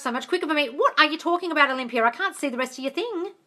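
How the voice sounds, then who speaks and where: High, bright, blunt woman coach. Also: rapid-fire, few pauses. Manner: blunt and sweary, calls viewers darling; bursts into loud excited cheers. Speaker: manifestation coach answering live chat. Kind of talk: live-stream Q&A, reading comments aloud.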